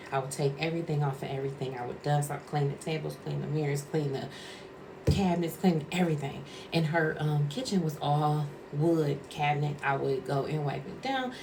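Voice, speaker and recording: A woman's voice: low voice, background noise. A woman vlogger and former caregiver telling a rambling, conversational story and acting out what people said. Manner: rambling, conversational, acts out quotes. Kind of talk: casual storytelling vlog.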